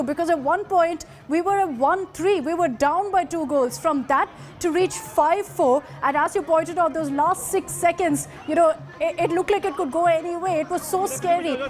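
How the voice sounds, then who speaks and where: Indian English woman, news anchor, high voice, conversational and moved. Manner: warmly emotional, conversational. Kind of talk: live news interview.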